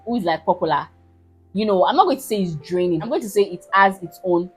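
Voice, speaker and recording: Young Nigerian woman vlogger, lively swooping delivery, sassy storyteller, faint music underneath. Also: medium pitch. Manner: animated, sassy, emphatic with slang and pidgin. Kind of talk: casual storytime.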